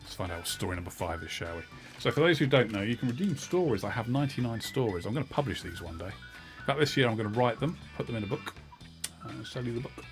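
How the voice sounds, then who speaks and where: A man's voice: medium pitch, expressive, fast talker. A middle-aged man streaming a game, telling a rambling, profane story with many fillers. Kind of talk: casual storytelling while gaming. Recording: game music behind the voice. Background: game music.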